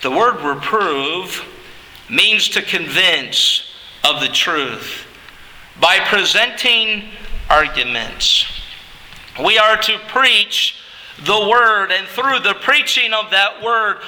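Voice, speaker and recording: A man pastor preaching an emphatic sermon that builds at times to shouting. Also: sits high, expressive, slow, in a large hall, a little hiss or hum, low-quality recording.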